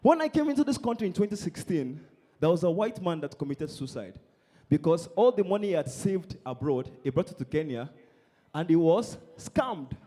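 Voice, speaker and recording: A young Nigerian comedian with a Nigerian accent works a live crowd, bantering and poking fun at people. His high voice swoops up and down constantly. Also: sing-song, normal speed, warm tone. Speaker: stand-up comedian.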